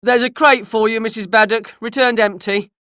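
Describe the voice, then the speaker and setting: A woman voicing a slow old carrier, speaking loud in a drawling dialect. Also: a little high, steady tone, dry recording, studio quality, voice pushed up, lightly acted. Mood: gruff.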